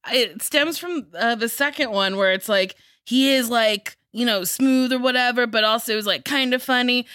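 Woman on a podcast, bright tense voice, swears a lot, laughs through her stories, dry close sound. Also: fairly high pitch, moderate pace, clear, resonant tone, no room sound. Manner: swears freely, tells stories with lots of laughter; acts out other people's lines in mock voices. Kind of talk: casual podcast chat.

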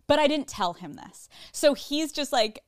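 A woman's voice: high-pitched, lively intonation, a little slow, dry recording, studio quality. A woman hosting a solo podcast, telling a personal story in a casual, candid and profane way, full of chatty fillers. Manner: candid, profane, self-mocking. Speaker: podcast host.

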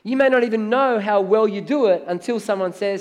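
A man's voice: high voice, a little fast, hardly any pauses. A middle-aged man preaching a sermon as pastor, in a conversational way, acting out the voices of the people he quotes.

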